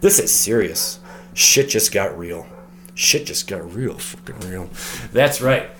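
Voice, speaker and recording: A man hosting a casual card review vlog at home, animated, swearing freely and breaking off into joking rants. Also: lowish voice, takes it slowly, a little hiss or hum. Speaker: card game video host.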